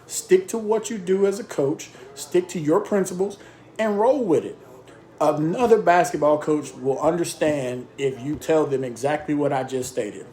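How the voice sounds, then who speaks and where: A man with a slightly high-pitched voice talks shop as a basketball coach. He hammers his points home in short, punchy phrases and rattles off lists of instructions, repeating them for emphasis. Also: normal speed, mellow. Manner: emphatic, repetitive drill-style lists. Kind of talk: casual coaching talk.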